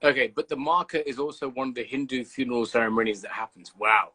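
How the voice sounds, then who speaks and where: A man's voice: medium pitch, steady tone, quick pace, pushed and bright, husky, poor audio. A man with a Birmingham accent hosting a casual live video chat, sweary and laughing, often losing his thread. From Birmingham, England. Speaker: host. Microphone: video call.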